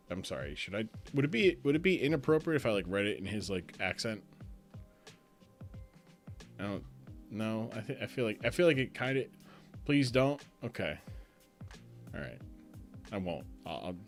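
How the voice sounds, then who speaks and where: A man's voice: fairly low pitch, expressive, normal speed, pauses often, faint music behind. A man hosting a live stream as league commissioner, chatting loosely, laughing often and trailing off mid-sentence. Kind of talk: casual live-stream banter.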